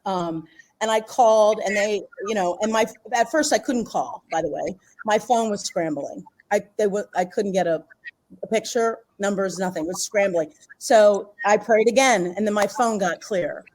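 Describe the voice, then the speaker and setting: A middle-aged woman from the Philadelphia area telling a personal story in a casual, animated way, laughing often and acting out what people said. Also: medium pitch, moderate pace, poor audio. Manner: animated, laughs often, acts out quoted voices. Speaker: podcast guest.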